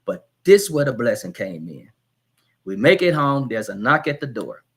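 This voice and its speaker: A man, a pastor, hosting a live church discussion and telling a story in a lively, animated way. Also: medium pitch, normal speed, husky. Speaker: pastor and host.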